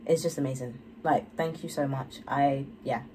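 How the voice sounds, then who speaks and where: A woman's voice: rumbling low, fairly even intonation, moderate pace, mellow, husky, distant mic, rough recording. A young woman, gushing effusively in a casual reaction vlog. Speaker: YouTuber.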